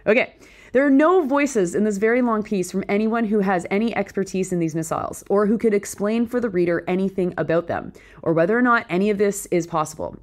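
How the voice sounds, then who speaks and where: A woman's voice: fairly low pitch, darkish tone. A woman hosting opinionated news commentary, reading out quotes and breaking into sarcastic, incredulous asides.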